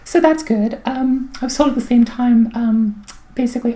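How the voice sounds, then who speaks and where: A middle-aged woman giving a casual, rambling personal update full of fillers and wry asides, her throat clogged so she keeps clearing it. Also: fairly high pitch, normal speed, mellow. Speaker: vlogger.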